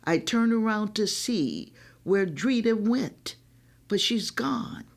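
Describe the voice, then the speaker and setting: A woman reading a children's novel aloud, telling it in the first person with an expressive delivery. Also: mid-range voice, slow. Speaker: reader.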